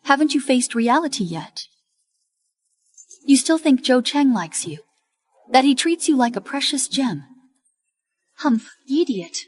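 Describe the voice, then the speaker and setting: Cold cartoon schemer, high-pitched, lecturing and scornful,. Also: female voice, normal speed, breathy edge, poor audio. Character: cold, scheming woman in disguise.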